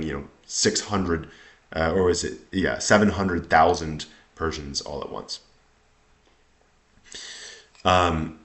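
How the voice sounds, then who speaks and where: A man with a very low voice talks through a passage of an old text line by line. He hesitates a lot, and he reads the old lines louder than his notes on them. The sound bounces around the room. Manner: halting, thinking aloud with many ums and self-corrections. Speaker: language teacher reading aloud. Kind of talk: reading and explaining an old text. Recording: echoey room.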